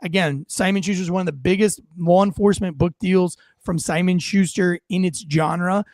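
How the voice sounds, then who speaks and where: A man hosting a podcast in a dry studio, his voice high and rough with vocal fry. He talks in casual, punchy commentary, stressing his points hard and filling gaps with "um" and "uh". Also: fairly even intonation, moderate pace, darkish tone, no room sound. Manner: emphatic, punchy, with many fillers. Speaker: podcast host.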